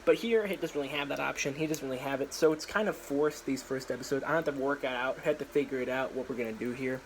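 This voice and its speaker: A young man rambles through a story idea, full of fillers and quick restarts. He slips into characters' lines now and then as he talks into a propped-up phone. A faint hiss sits under his voice. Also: mid-range voice, low-quality recording. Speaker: vlogger.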